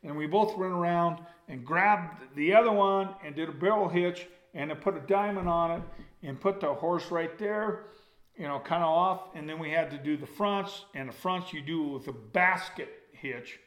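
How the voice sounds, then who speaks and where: An older man tells a rambling, folksy story to a gathered audience, acting it out with his hands. His voice sits a little high for a man. It rings with a noticeable room echo. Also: normal speed, a bit bright. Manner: folksy, rambling, acts out with gestures.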